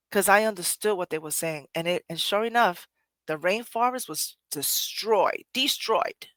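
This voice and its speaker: Podcast host, mid-pitched, earnest and conversational, dry close recording. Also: a little slow, fairly bright tone, no room sound. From Puerto Rico. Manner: earnest, conversational, often restarts phrases, swears casually. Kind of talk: personal reflective monologue.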